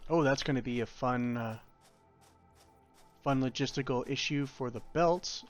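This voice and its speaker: A man's voice: mid-range voice, unhurried, soft background music. A young man giving casual, rambling tutorial commentary while playing a factory-building game, with self-deprecating asides. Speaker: gaming YouTuber.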